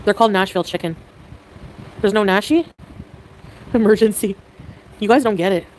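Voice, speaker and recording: A woman chatting casually on a livestream, excitable and giggly, with quick swings in mood. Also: mid-range voice, a little hiss or hum, low-quality recording.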